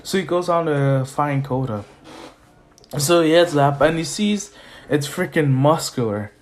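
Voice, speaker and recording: A man's voice: a little high, unhurried, slight background noise. A man casually retelling a fan story, rambling with fillers and self-corrections. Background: faint lofi music.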